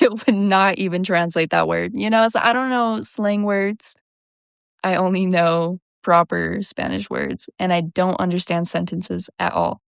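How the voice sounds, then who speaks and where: A young woman with a slight Southwestern country twang tells a story to camera in a relaxed, drawling way. Her voice sits a little low, and she keeps checking in with listeners. The sound is close and dry. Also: gravelly, smooth, no room sound. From New Mexico. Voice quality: slightly lazy, drawling speech. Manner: chatty, laid-back, frequent "right?" and "like". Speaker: vlogger.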